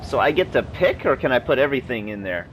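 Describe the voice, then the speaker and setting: A young let's play host talks casually while gaming, reading on-screen text aloud and chuckling at himself. He speaks fast in a mid-range voice with big pitch swings, and the poor audio carries a little hiss or hum.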